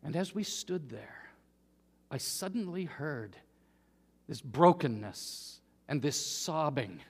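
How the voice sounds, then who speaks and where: A man preaching a sermon, earnest, dropping to a hush and then rising to emphatic peaks. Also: a little high, animated, slow, creaky, husky. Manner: earnest, swings from hushed to emphatic. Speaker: pastor. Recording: long hall reverb.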